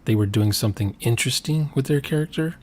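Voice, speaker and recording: A man's voice: mid-range voice, quick pace. A man chatting casually about role-playing games, rambling and trailing off with fillers.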